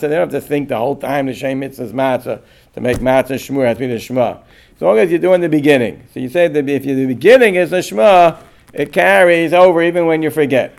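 A man lectures on Jewish law in a loose, conversational way, raising questions and reasoning through them. His voice sits a little high, with gravel at its base, yet comes through smooth and resonant. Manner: reasons aloud, posing questions and answering them. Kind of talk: informal Torah lecture.

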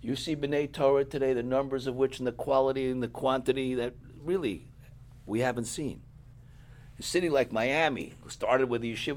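Addressing yeshiva students, this middle-aged man preaches as a rabbi in a mid-range voice. Frequent throat-clearing and repetition for emphasis mark his tired-sounding sermon.

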